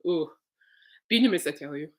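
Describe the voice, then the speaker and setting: A woman's voice: deep voice, animated, moderate pace. A woman hosting a podcast in casual, rambling chat, laughing often. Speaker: podcast host.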